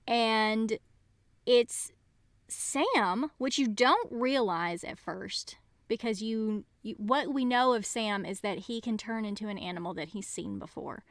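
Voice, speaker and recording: A woman's voice: a little high, a bit bright, dry recording, studio quality. A woman co-hosting a podcast, chatting casually about books and animatedly retelling scenes. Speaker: podcast co-host. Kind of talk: casual book-club chat.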